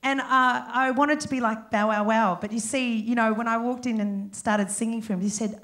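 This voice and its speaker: A woman's voice: on the high side, fairly even intonation, normal speed, few pauses, a bit bright. An Australian woman giving a candid, chatty, self-deprecating acceptance speech into a handheld microphone on a concert stage. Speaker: award inductee and singer.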